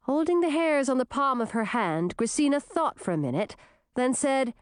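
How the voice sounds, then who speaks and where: A woman narrating a fantasy storybook in a clear, steady reading voice. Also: sits high, moderate pace, no room sound, studio quality. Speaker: audiobook narrator.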